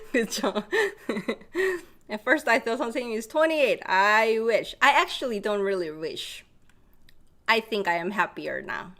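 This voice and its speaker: A woman in her thirties teaching Korean on a live stream, reading out viewers' comments and laughing often, slowing down to explain phrases. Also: a little high, sharp tone. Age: 30s. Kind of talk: live-stream language lesson.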